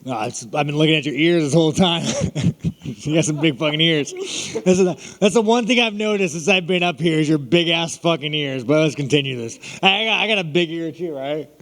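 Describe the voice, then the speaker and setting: Answering the press at a media scrum, a fighter from the United States speaks at normal speed in a high, fairly bright voice, with a long reverb tail behind him. His answers are loose, rambling and jokey, full of constant swearing.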